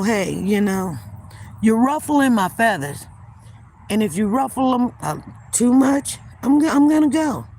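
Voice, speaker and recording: A woman's voice: medium pitch, a little mellow, a little hiss or hum. A woman hosting a livestream, telling a story emphatically and speaking straight to her viewers in a casual way. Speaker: livestream host.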